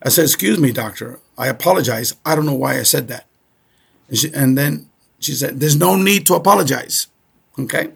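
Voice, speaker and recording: A man's voice: mid-range voice, normal speed, gravelly, fairly bright tone, breathy edge. A middle-aged man from Cuba telling a story in a casual way, often checking in with "okay?". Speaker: guest.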